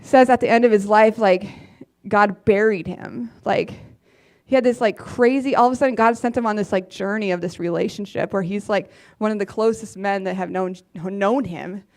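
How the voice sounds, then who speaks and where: A woman's voice: medium pitch, normal speed, a little mellow. A woman preaches in a loose, conversational way in a church. She talks in an easy, chatty manner, laughing often and filling her sentences with casual asides. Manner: chatty, laughing, many "like" fillers. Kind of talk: casual sermon.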